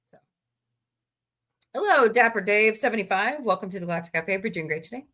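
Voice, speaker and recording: Bright-voiced chatty woman streamer. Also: medium pitch, expressive, brisk, long pauses. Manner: chatty, reads news aloud with asides. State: yawning, tired. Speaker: livestream host. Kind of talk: casual livestream chat and news reading.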